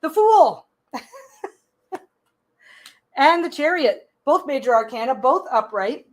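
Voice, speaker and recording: A woman's voice: high-pitched, expressive, slow pace. A woman reading tarot cards on a casual live stream. She gives chatty, reassuring advice, often restarting and repeating her phrases.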